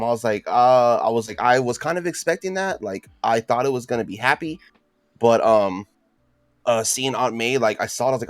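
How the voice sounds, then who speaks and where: A man's voice: medium pitch, brisk, no room sound. A man on a podcast panel telling stories with lots of acted-out reactions. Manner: animated storyteller, acts out his own reactions. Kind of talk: casual chat.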